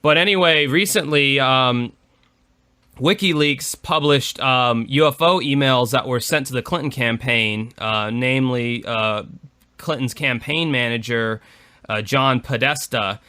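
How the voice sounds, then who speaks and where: A man co-hosting a podcast talks in loose, casual chat, rambling and leaning on fillers. His voice is bright and smooth, with a forward, clean tone. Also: medium pitch, unhurried. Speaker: podcast co-host.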